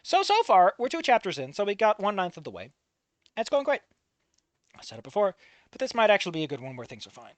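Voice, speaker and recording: Animated, sarcastic story reader. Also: mid-range voice, fast, no echo. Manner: animated, sarcastic, swears, breaks off mid-reading to comment. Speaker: fanfic reader and reviewer. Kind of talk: reading a story aloud with running commentary.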